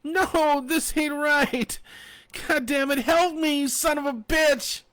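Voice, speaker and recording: A man voicing a terrified, trapped young woman who screams hoarsely for help. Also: very high-pitched, extremely slow, a little hiss or hum, pitched above the performer's own voice, heavily acted. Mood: desperate screaming. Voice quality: raspy, screaming.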